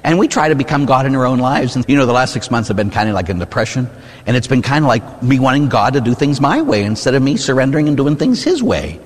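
Husky-voiced priest preaching in a reverberant hall. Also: male voice, mid-range voice, sing-song, fast talker. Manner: asks the listeners short rhetorical questions, often ending with "huh?"; acts out prayers and people's complaints in changed voices. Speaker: Catholic priest. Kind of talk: conversational sermon.

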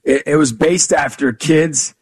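A man being interviewed as a guest, telling a story in an animated way and acting out the dialogue. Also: on the high side, measured pace. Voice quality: gravelly, husky. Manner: animated storyteller who acts out dialogue, much "you know" and "I go". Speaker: guest, youth speaker.

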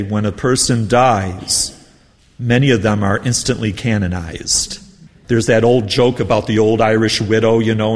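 A male priest preaches a retreat sermon in a relaxed, conversational way, drawing on personal anecdotes and poking fun at himself. His voice sits at a middling pitch, and a long church reverb trails each phrase. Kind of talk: storytelling sermon.

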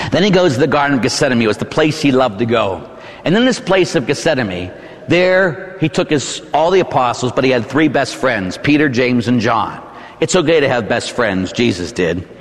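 A man, a Catholic priest, preaching a dramatic sermon that swings from hushed to shouting, in a church. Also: mid-range voice, long reverb tail.

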